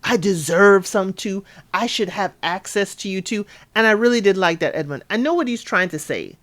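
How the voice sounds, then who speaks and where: A woman giving a casual recap of a reality show, chatty and animated, acting out quotes with asides to listeners. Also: mid-range voice, normal speed. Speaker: recap podcaster.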